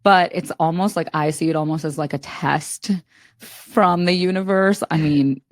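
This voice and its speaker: Low-voiced chatty young woman. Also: moderate pace, no echo, studio quality. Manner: chatty, laughs often, lots of "like". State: a little under the weather. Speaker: podcast co-host. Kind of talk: casual chat. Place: at home, recording remotely.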